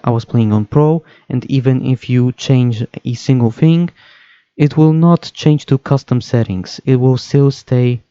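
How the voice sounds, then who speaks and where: A man's voice: medium pitch, warm tone, smooth, no room sound, muffled recording. A young man talking over game footage, hesitant, with many fillers and self-corrections. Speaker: gaming video host.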